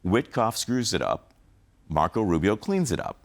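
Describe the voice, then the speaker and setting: A man's voice: lowish voice, very animated, moderate pace. A man giving political commentary as a guest on a video call, rambling and full of fillers and restarts. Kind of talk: casual interview commentary.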